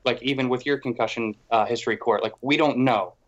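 A podcast co-host chats casually about hockey, rambling along with lots of filler words and animated energy. His voice is mid-range and a little quick, and the sound is lo-fi.

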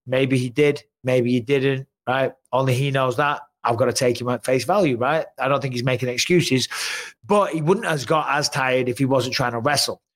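A man's voice: medium pitch, moderate pace. A man hosting a podcast in casual chat, emphatic and full of tag questions. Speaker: podcast host.

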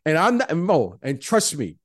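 A middle-aged man, once a pro basketball player, co-hosts a casual sports chat. He keeps addressing his co-host by name and stammers through restarts with a chuckle. His voice sits a little high, recorded dry and close. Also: huge pitch swings, normal speed, dry recording.

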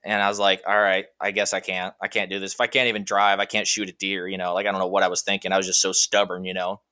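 A man's voice: deep voice, fast, clean tone. A man telling a long, rambling personal story in casual conversation, full of fillers like "you know" and "like". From Washington state. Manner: rambling, animated anecdote with many fillers. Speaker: guest.

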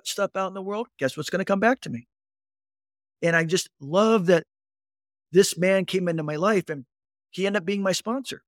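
A man in his fifties, guesting on an interview, tells a lively story about his recovery in a voice that sits a bit high. He's an animated storyteller who acts out quoted voices and keeps turning to the host, and the sound is close and dry with no room sound.

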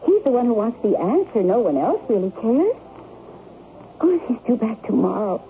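An actress playing a gentle, admiring young woman in 1970s radio drama style, earnest and tender. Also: a little high, sing-song, normal speed, slight background noise. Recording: tinny old radio broadcast.

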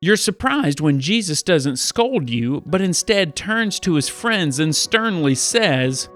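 An animated male pastor hosts a Bible podcast for preteens, moving between storytelling and teaching. His voice sits a bit high and stays upbeat, with faint music under it. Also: slow pace, few pauses.

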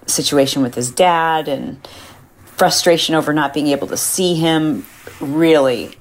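A middle-aged woman with a low voice hosts her podcast in a relaxed, chatty way. She talks animatedly and often acts out what other people say. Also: unhurried. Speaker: podcast host. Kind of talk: casual solo podcast chat.

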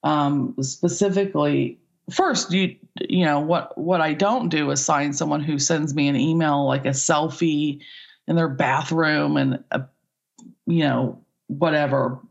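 Woman talent agent, chatty rambling storyteller, gravelly voice, dull lo-fi recording. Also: sits low, fairly even intonation, measured pace. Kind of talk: casual podcast interview.

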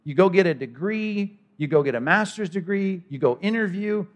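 A man with a high-pitched voice preaches an expository sermon at a moderate pace. Speaking as a pastor in a conversational way, he animatedly acts out characters in asides.

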